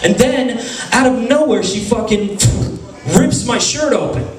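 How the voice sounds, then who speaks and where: High-voiced profane stand-up comedian. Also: male voice, unhurried. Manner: profane, animated, self-mocking. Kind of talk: stand-up storytelling. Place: comedy club stage. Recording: echoey club, distant mic, loud crowd.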